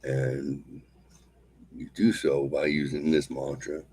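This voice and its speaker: Very deep, husky man hosting. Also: poor audio. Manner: calm, slow, repetitive chanting of phrases. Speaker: host. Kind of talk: solo show, guided mantra and casual chat.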